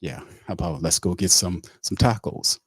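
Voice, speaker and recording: A man's voice: deep voice, moderate pace, husky, no room sound, clean studio sound. A man doing a comic impression of a rambling, boastful male pro quarterback. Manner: rambling comic storytelling with mock dialogue.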